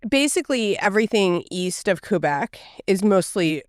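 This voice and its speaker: A woman's voice: medium pitch, lively intonation, moderate pace, no room sound, studio quality. A woman from Canada, a podcast guest talking casually and filling her speech with "like". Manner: chatty, many "like" fillers. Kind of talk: casual chat. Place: outdoor patio.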